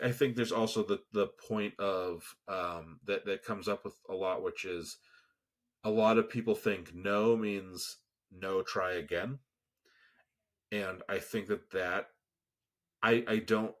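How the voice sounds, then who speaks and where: A man co-hosting a podcast in casual chat, talking haltingly with many restarts. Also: lowish voice. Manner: halting, full of restarts, laughs easily. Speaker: podcast co-host. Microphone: remote call setup.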